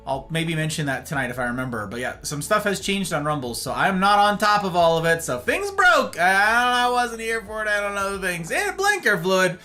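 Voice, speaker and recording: A man's voice: sing-song, brisk, few pauses, bright, forceful tone. A man streaming live and greeting his chat one by one, playful and theatrical, with faint music behind him. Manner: playful, theatrical, swings between high exclamations and low murmurs. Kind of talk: casual livestream chat greeting viewers.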